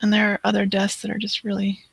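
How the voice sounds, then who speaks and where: A co-host on a casual live show, with a husky, gravelly voice at middle pitch. The speech is halting and full of fillers, and it drops to a hush when something impresses them. The sound is close and dry. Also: completely flat delivery, no room sound, low-quality recording. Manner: hesitant, many fillers, hushed when awed.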